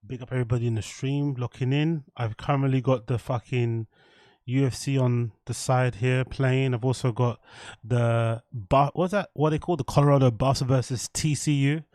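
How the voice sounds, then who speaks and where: On a dry, clean studio recording, a livestream host chats casually and rambles to his viewers, using slang and swearing a lot. His mid-range voice is a little mellow, with fairly even intonation and a moderate pace.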